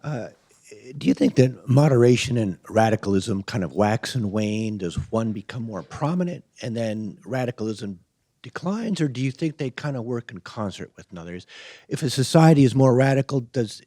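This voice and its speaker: A man's voice: mid-range voice, animated, moderate pace, mellow, dry recording. A man from the audience asking a question, searching for words and rephrasing as he goes.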